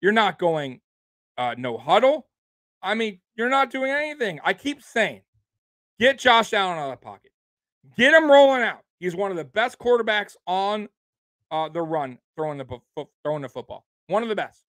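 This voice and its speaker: A fairly high-voiced man rants at his live chat, swearing often and repeating himself as he works up his anger. His voice is close and dry, with no room sound around it. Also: big pitch swings, moderate pace, a bit bright, no room sound. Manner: profane, fired-up, repetitive. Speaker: sports livestream host. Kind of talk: angry fan rant on a livestream.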